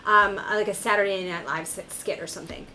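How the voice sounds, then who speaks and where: A woman's voice: mid-range voice, steady tone, fairly quick, music in the background, low-quality recording. A woman hosting a reaction video, talking back to a clip in a sarcastic, incredulous tone. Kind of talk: casual reaction commentary.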